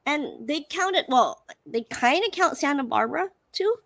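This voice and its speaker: A woman's voice: sits high, animated, normal speed, vocal fry, fairly bright tone, dry recording. A woman from Northern California co-hosting a casual livestream, chatting and greeting viewers by name. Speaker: co-host on a livestream.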